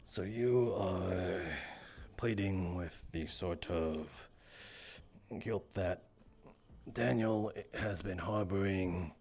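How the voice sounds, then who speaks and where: Man playing a deep-voiced stern interrogator. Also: very slow, darkish tone, slightly rough, full character voice. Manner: pressing, demanding specifics. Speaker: roleplay streamer. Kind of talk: in-character roleplay interrogation.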